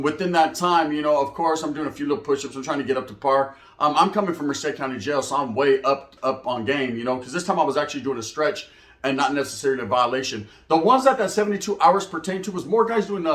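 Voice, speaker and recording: A man telling prison stories in casual slang, animated, often acting out quoted voices. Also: on the high side. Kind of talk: casual storytelling monologue. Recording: echoey room.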